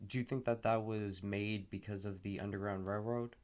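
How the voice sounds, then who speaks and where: A man interviewing, asking halting, hesitant questions. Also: on the low side, flat delivery, a crowd in the background. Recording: quiet, off-mic.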